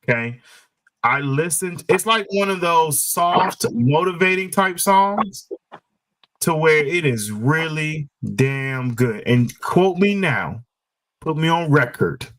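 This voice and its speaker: Emphatic male host, raised pitch. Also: lively intonation, slow, a bit bright, a little hiss or hum, poor audio. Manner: emphatic, repeats points for stress. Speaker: show host. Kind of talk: casual podcast chat.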